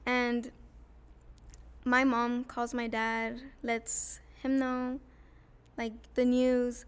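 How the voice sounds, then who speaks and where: A young woman with a fairly high, flat voice that barely rises or falls. She speaks softly and haltingly in a casual podcast chat, trailing off and restarting with lots of fillers. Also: clean tone. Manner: soft, halting, many "like" fillers. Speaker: guest sharing her story.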